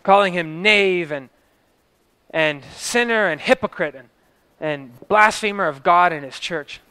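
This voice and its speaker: A man's voice: high voice, a little slow, sharp tone, clear, resonant tone, no echo. A man telling a story in a vivid present-tense style, swelling and dropping his voice for drama.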